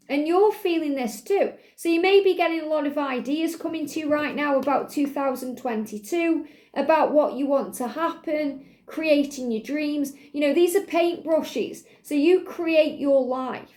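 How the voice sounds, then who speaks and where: In an unhurried, high voice with a darkish tone, a woman leads a guided tarot reading for her viewers. She talks to the listener directly in a calm, repetitive way, and the recording has noticeable reverb.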